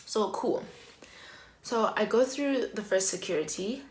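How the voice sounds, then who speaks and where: A young South African woman with a South African accent telling a story in a chatty, animated way. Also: mid-range voice, measured pace. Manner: animated, chatty, heavy on fillers. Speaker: vlogger. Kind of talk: casual storytime. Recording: echoey room.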